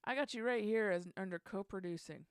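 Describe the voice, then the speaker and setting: A woman's voice: medium pitch, brisk, clean tone, no echo. A woman hosting a casual songwriting session, thinking aloud and trying out lyric lines under her breath.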